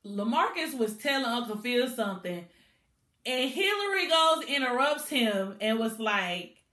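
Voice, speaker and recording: A woman recapping a TV episode in a casual, animated way, laughing and acting out the scenes as she goes. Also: fairly high pitch, unhurried, roomy sound. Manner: animated, chatty storytelling with bursts of laughter. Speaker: TV show reviewer.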